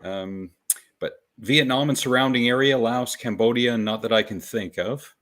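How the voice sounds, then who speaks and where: A man's voice: medium pitch, normal speed, fairly bright tone. A man hosting a casual talk show, politely answering viewers in the chat. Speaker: podcast host.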